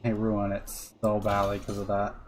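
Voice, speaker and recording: A man's voice: on the low side, monotone, moderate pace, darkish tone, slight background noise. Chatty man muttering through a strategy game. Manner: chatty, muttering, swears when annoyed. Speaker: streamer. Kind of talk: casual gameplay commentary.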